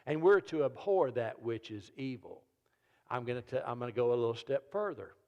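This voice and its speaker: Preacher in a reverberant church. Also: male voice, brisk, highs cut off. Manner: animated storyteller who shifts into loud high voices for quoted people. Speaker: evangelist and comedian. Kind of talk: comedic sermon storytelling. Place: church service. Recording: long reverb of a church hall.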